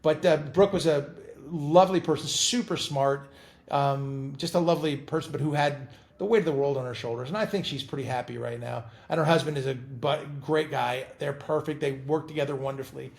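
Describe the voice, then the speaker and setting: Middle-aged male guest, raspy edge, animated anecdotes, restarts and repeats. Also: a little high, fairly quick. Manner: animated storyteller, laughs and repeats words. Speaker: guest actor. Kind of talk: casual interview chat.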